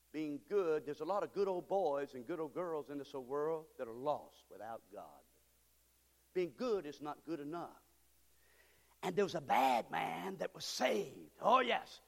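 A man preaching a sermon as pastor, moving between quiet asides and shouted, fervent appeals. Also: on the high side, gravelly. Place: church sanctuary. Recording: long church hall reverb.

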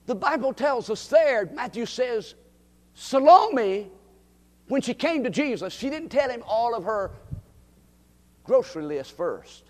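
Male preacher, high voice, dramatic swings from hush to shout, long hall reverb. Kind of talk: sermon.

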